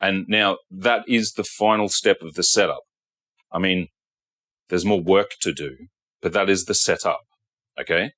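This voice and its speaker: A man's voice: deep voice, measured pace, long pauses, fairly bright tone, no echo. A man, a guitar technician, giving a blunt workshop tutorial and often checking in with "okay". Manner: blunt, repeats himself, says okay often.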